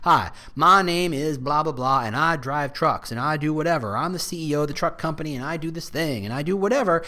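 A man's voice: a little high, brisk, bright, forceful tone. A man putting on a Texan accent to play a folksy male boss of a trucking company who brags about caring for his drivers. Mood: boastful.

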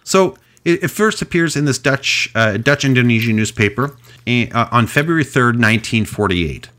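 A man hosting a podcast, telling a mystery story in a casual, chatty way with animated delivery and frequent restarts. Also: medium pitch, moderate pace. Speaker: podcast host.

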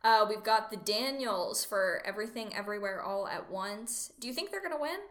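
A woman co-host talks films in relaxed conversation, opinionated and quick to laugh. Her voice is bright and forceful. The room around her adds a noticeable echo. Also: medium pitch. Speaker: podcast co-host. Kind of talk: casual film chat.

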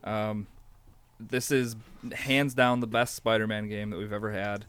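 A man's voice: lowish voice, little pitch movement, a little slow, fairly bright tone, clean tone. A man co-hosting a gaming podcast, chatting casually with a wry, teasing manner. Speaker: podcast co-host. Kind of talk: casual chat.

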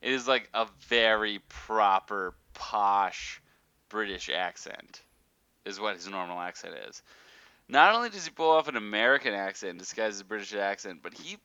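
A man hosting a casual podcast chat, animated and rambling with lots of fillers. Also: on the low side, normal speed, clean tone, no room sound, lo-fi sound. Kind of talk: casual chat about a TV show.

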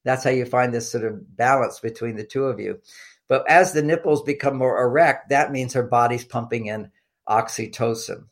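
A man's voice: medium pitch, moderate pace. An older man, a guest expert on relationships, explaining in casual interview talk with frequent fillers and restarts and a coaching tone.

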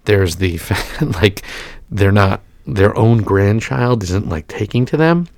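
A man's voice: lowish voice, slow, dry recording. A middle-aged man, congested with a cold, rambling through a casual podcast chat with lots of fillers. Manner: rambling, animated storytelling with many fillers.

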